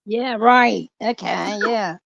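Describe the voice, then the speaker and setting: A woman's voice: medium pitch, takes it slowly, gravelly, a bit bright, no echo. A woman chatting casually with a friend, making dry asides between laughs. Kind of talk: casual gossip chat. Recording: dry, dull lo-fi mic.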